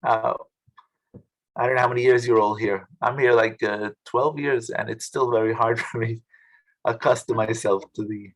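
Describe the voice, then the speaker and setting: A man leading a study group over a video call, talking in a casual, halting way with many restarts. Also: medium pitch, steady tone, low-quality recording. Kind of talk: casual teaching talk.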